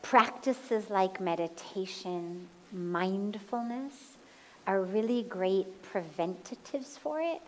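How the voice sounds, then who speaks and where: A woman spiritual teacher answering a question in a calm, measured talk and guiding a slow breathing exercise aloud. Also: medium pitch, a little hiss or hum, rough recording. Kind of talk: slow, gentle satsang talk. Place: satsang hall.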